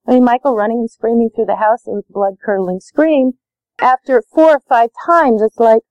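A woman's voice: on the high side, normal speed, darkish tone, no echo, lo-fi sound. A woman leading a parenting workshop, talking emphatically with lots of repetition. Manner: emphatic, repetitive, acts out dialogue. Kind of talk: live workshop talk.

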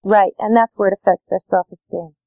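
A woman's voice: mid-range voice, steady tone, fairly quick, no room sound, narrow, tinny audio. Emphatic woman leading a parenting workshop. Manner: emphatic, repetitive, acts out dialogue. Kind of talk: live workshop talk.

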